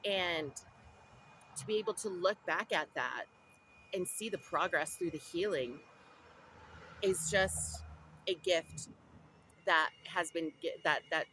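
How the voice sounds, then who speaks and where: A woman's voice: fairly low pitch, slow pace, long pauses, pushed and bright, slight background noise, poor audio. A young woman from Southern California, talking in a rambling, casual way about her spiritual journey, with many restarts and asides. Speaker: vlogger. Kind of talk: casual spiritual diary talk.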